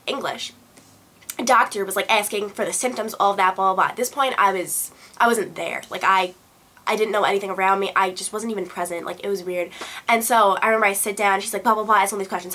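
A young woman vlogger telling a personal story to camera in a casual, animated way, acting out quotes and filling with "blah, blah". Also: mid-range voice. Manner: animated retelling, acts out quotes, fillers like "blah blah". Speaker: beauty vlogger.

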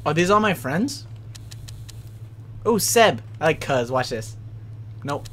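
A man's voice: a little high, big pitch swings, takes it slowly. A man giving casual gaming commentary, goofy and rowdy, trash-talking and bragging as he plays. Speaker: let's play gamer. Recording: noisy with game sound behind.

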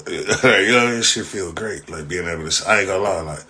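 A man's voice: deep voice, brisk, pushed and bright, slight background noise. A young man from Inglewood, ranting casually on a livestream, profane, boastful and repetitive, often breaking into laughter. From Los Angeles, Inglewood. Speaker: livestream host.

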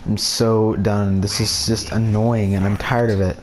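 A man's voice: lowish voice, flat delivery, unhurried, darkish tone, a little hiss or hum. A man giving gameplay commentary, ranting in frustration and swearing under his breath. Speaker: gamer.

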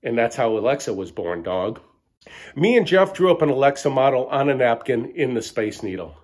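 A man's voice: mid-range voice, expressive, moderate pace, darkish tone. A middle-aged man telling a mock-bragging comic story in a boastful, bro-ish way, ending lines with "right?". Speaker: comedic storyteller.

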